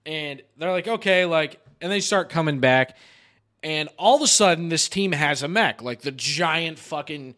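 Young man, podcast host, slightly high voice, animated, swears a lot, laughs mid-story. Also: a little slow. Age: young adult. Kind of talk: casual podcast chat.

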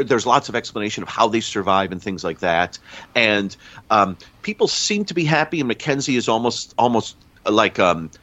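A man's voice: on the low side, fairly bright tone, highs cut off. A man on a podcast giving a casual, rambling plot recap, often stopping to correct himself. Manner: rambling, self-correcting storyteller. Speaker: podcast panelist.

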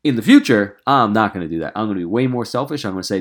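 A man's voice: lowish voice, lively intonation, rapid-fire, few pauses. A man hosting a solo podcast as a life coach, talking in an earnest, passionate way with frequent restarts, his voice stuffy and nasal.

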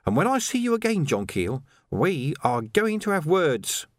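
A man voicing a haughty, sharp-tongued woman who speaks in an icy tone. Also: a little high, wildly swooping pitch, moderate pace, no echo, clean studio sound, pitched above the performer's own voice.

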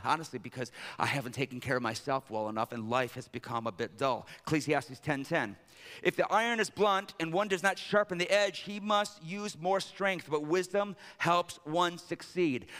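A male pastor preaching a sermon. He swings between loud, emphatic peaks and low, intimate stretches. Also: big-room sound.

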